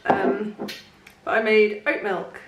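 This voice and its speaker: A young woman, chatting casually in a home kitchen while filming a relaxed day-in-the-life vlog, rambling with frequent ums and little laughs. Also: medium pitch, slow, slight background noise. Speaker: vlogger.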